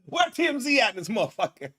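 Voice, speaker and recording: A man with a strikingly high voice gives loose, excitable commentary, talking over video clips with plenty of slang. He gets loud and animated as he reacts. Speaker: co-host. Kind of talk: casual commentary.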